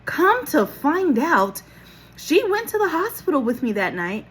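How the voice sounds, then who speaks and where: A woman recording herself on her phone, telling a personal story in a casual, animated way, laughing often and acting out what people said. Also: sits high, measured pace. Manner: animated, laughing, acts out quotes, casual swearing. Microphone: phone camera.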